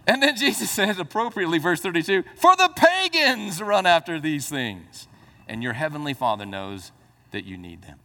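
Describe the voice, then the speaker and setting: A man preaching a sermon as pastor, swinging between quiet explanation and rising exclamations, with playful asides to the congregation. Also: on the high side, very animated, moderate pace, big-room sound.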